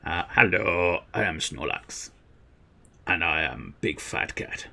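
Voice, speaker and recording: A man voicing a huge, sleepy, grumpy male cat-like creature who grumbles low and quiet. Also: lively intonation, slow pace, gravelly, full character voice. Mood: drowsy.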